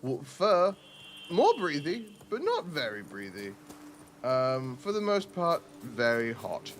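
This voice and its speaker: A man's voice: fairly high pitch, huge pitch swings, takes it slowly. A man streaming a role-playing game, chatting casually and rambling with self-mocking asides.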